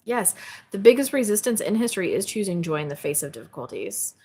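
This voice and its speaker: In a home office spirituality livestream, a woman chats casually and reads out viewers' comments, bubbly and exclamatory, laughing often and swearing casually. Her mid-range voice is animated, a little mellow and slightly rough, with a quick pace.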